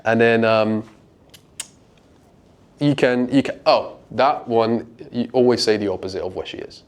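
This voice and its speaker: A man's voice: fairly even intonation, measured pace. A young man, a dating coach, giving a casual, profane seminar talk to a small group and acting out lines in a raised voice. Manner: casual, profane, acts out lines with pitch jumps.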